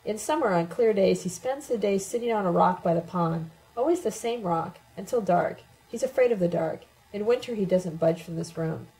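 A woman voicing a sharp, sarcastic woman with a brisk manner, in an audiobook reading. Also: mid-range voice, animated, lightly acted, rough recording. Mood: weary.

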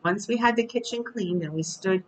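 A storyteller reading a chapter book aloud at bedtime in a calm, steady voice. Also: mid-range voice, moderate pace, rough recording.

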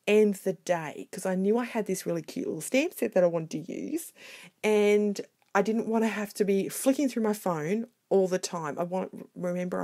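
A woman narrating her scrapbooking video in a casual voiceover, chatty, excitable and quick to poke fun at herself. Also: medium pitch. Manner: chatty, excitable and self-deprecating. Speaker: scrapbooking vlogger. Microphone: voiceover recorded separately.

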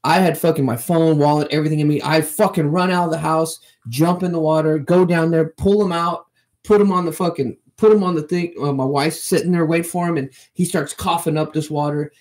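A man's voice: a little high, steady tone, a little fast, a little mellow. Rambling, profane man in his forties. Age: 40s. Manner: profane, rambling, laughs through stories. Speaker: podcast co-host. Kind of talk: casual storytelling chat.

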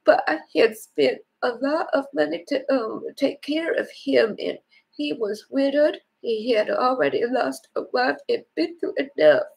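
A woman voicing a lonely, soft-hearted grandmother in a phone prank, rambling and stammering with a creaky, husky old voice. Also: sits high, animated, a little slow, full character voice, poor audio. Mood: tearful. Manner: rambling, stammering, fond of detail. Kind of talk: scam-baiting phone prank.

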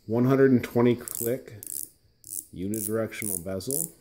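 A man's voice: mid-range voice, moderate pace, slight background noise. A man hosting his watch channel, giving a casual, chatty unboxing review with lots of ums and asides. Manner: relaxed and chatty, full of fillers and asides.

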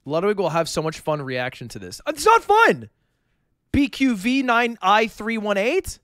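A man's voice: sits high, expressive, moderate pace, a bit bright, clear, resonant tone, dry recording, studio quality. A young man in his twenties, a streamer casually telling a joking story with plenty of swearing.

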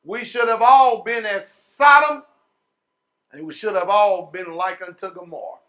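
Here a pastor, high-voiced for a man, delivers a sermon to his church. Slow, stretched-out words give way to loud shouting and then a hushed, low drop, all in homespun speech sprinkled with "man" and "y'all."

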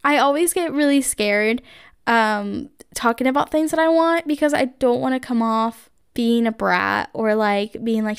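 A woman's voice: fairly high pitch, unhurried, creaky, smooth, no room sound, clean studio sound. Chatty young woman podcast host. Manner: chatty, gushing, heavy use of like and um. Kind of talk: casual solo podcast chat.

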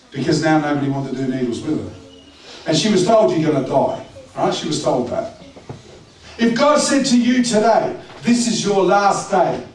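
A man's voice: a little high, darkish tone. A middle-aged man preaching a sermon as pastor, talking plainly and putting questions to the congregation. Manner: conversational, direct, asks the congregation questions. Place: church hall. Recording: echoey church room from far off, faint noise.

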